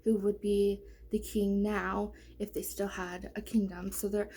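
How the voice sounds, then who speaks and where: Chatty young woman, soft husky voice. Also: medium pitch, little pitch movement, measured pace. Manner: chatty, rambling, many fillers and restarts. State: out of breath. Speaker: book vlogger. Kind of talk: casual book review chat.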